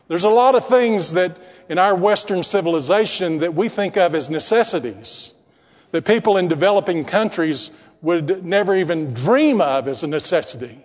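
A man preaching a sermon in a church. He drops to hushed tones and then swells to emphatic peaks. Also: fairly high pitch, lively intonation, normal speed, in a large hall. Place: church building with congregation.

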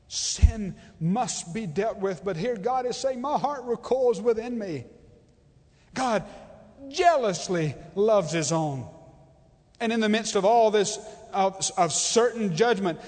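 A man preaching a sermon as pastor, impassioned, swinging between loud declarations and hushed, drawn-out readings of scripture. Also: sits high. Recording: long hall reverb.

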